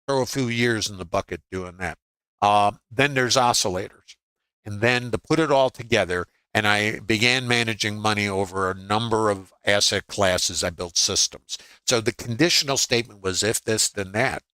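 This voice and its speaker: A man's voice: fairly low pitch, normal speed, sharp tone, clean tone, no echo, low-quality recording. An older man teaching a live trading webinar, talking conversationally with dry humor and frequent filler words. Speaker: trading educator.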